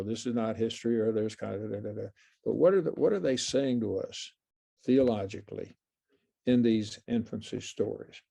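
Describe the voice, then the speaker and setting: Gravelly older man teaching a Bible class. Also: mid-range voice, dark tone. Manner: rambling, many fillers and restarts, chuckles often. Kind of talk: informal Bible class lecture.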